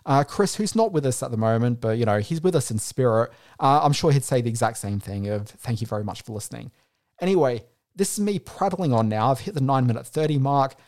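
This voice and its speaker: A man's voice: medium pitch, expressive, fairly quick, hardly any pauses, a little mellow. A man hosting a podcast, talking in a chatty, rambling, heartfelt way, with faint music behind. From Australia. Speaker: podcast host. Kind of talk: casual podcast monologue.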